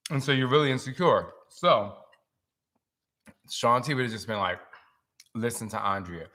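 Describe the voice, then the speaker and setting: A man in his forties hosts a casual live-stream chat, telling stories with animation and emotion. His voice is mid-range and his speed normal.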